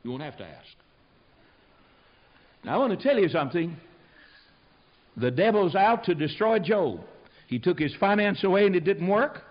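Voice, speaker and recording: An older American preacher delivers a folksy sermon, his voice rising high and lively, then dropping to a hush. He talks in a fairly high register, and the recording sounds dull and lo-fi. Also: moderate pace, pauses often. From United States. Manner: animated, folksy, swinging from loud to hushed. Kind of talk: sermon with storytelling.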